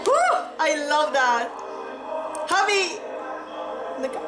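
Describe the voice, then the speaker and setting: Very high-voiced, gasping woman reacting to music. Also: big pitch swings, unhurried, long pauses. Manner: gasping, exclaiming, breathless fangirling. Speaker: reaction video host. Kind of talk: excited reaction commentary. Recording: roomy echo with music playing behind. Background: the reacted music video's music.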